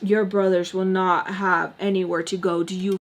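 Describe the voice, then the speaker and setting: A woman's voice: mid-range voice, little pitch movement, normal speed, lightly acted. A young woman voicing her furious grandmother, harsh and threatening. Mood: angry.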